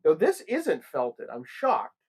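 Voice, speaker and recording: Casual co-host, man in his thirties, slightly high voice, animated bursty delivery. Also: slow, a little hiss or hum, rough recording. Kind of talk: casual chat.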